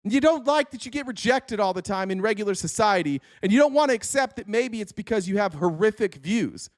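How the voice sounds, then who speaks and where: A man's voice: high voice, animated, brisk, no echo, studio quality. A man giving an opinion monologue as a political commentator, blunt, heated and profane.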